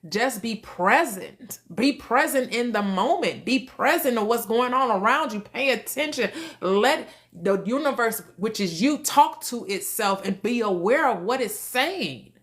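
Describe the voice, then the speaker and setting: Woman, host, casual spiritual teaching, frequent laughs, repeated words, unhurried. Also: fairly high pitch, animated. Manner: laughs often, repeats words, restarts phrases. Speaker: host of a manifestation livestream. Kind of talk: casual spiritual teaching, answering chat questions.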